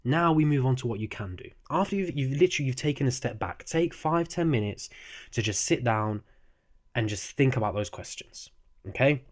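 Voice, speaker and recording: A man's voice: mid-range voice, expressive, moderate pace. Earnest young man giving casual advice. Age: young adult. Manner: earnest, repeats "okay?" often, frequent restarts. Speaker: student vlogger giving advice. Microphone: desk microphone.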